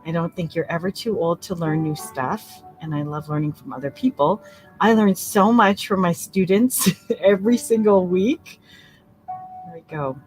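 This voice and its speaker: A fairly low-pitched woman teaches crochet in a relaxed crochet-along tutorial, chatting with viewers and often laughing. She counts stitches softly aloud, and gentle music plays faintly behind her. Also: moderate pace. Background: soft relaxing music.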